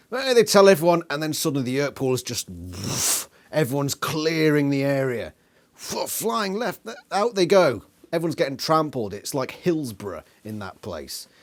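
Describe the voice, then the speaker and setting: A man reviewing a book in a casual vlog, sweary, sarcastic and exasperated. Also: fairly high pitch.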